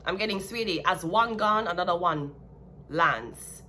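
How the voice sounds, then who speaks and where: A woman's voice: on the low side, lively intonation, a little slow, sharp tone, a little hiss or hum. A woman with a Jamaican accent giving a blunt, sassy, casual tarot reading. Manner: blunt, sassy, laughs at her own jabs. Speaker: tarot reader.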